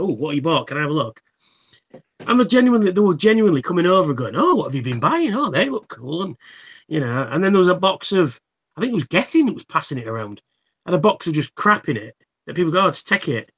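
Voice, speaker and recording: A man's voice: on the high side, fairly bright tone. A man chatting casually on a livestream. He wanders through his anecdotes with plenty of swearing and stumbling restarts. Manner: rambling storyteller, swears freely, many restarts. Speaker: livestream host. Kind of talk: casual chat.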